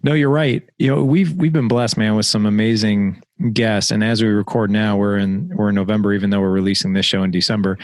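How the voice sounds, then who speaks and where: A middle-aged man hosting a podcast in casual conversation, animated and quick to joke and laugh. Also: fairly low pitch, dry recording. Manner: animated, joking, laughs often. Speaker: podcast host.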